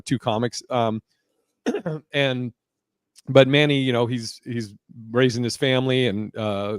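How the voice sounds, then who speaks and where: A man in his thirties hosting a casual podcast, telling stand-up stories in a lively, swearing, laughing way. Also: mid-range voice, clear, resonant tone, no room sound. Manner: animated storyteller, swears freely, laughs a lot. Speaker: podcast host and comedian. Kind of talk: casual podcast chat, storytelling.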